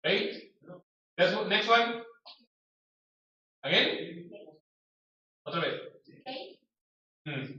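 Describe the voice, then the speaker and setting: Male English teacher, high bright voice, slow drills, very echoey distant room. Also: animated, muffled recording. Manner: brisk corrective commands. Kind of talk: classroom pronunciation drill. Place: classroom.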